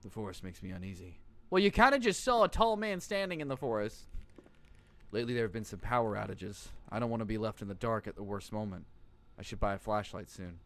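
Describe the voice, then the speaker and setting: Male streamer, live gameplay commentary, lively pitch, profane jokes, reads game text aloud. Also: brisk. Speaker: streamer playing a horror game.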